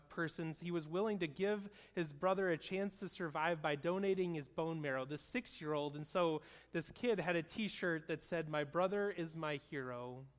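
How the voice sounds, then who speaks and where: A man's voice: fairly high pitch, a bit bright. A man in his thirties, a pastor preaching a sermon in an earnest, conversational storytelling way. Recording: long hall reverb.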